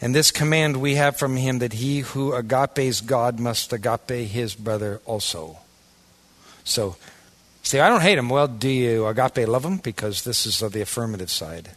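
A man preaching a sermon in a casual, folksy way, swinging from loud, emphatic bursts to hushed asides. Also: medium pitch, moderate pace. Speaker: pastor.

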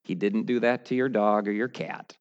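A man preaching a verse-by-verse sermon, dropping to low, quiet musing and then rising to loud, high mocking outbursts. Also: moderate pace, clean tone, highs cut off.

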